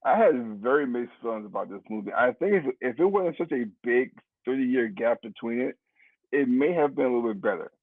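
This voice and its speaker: A man speaking as a guest on a casual talk show, relaxed and laughing easily, over a remote call. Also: mid-range voice, a little fast, dry recording. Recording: tinny phone-like line.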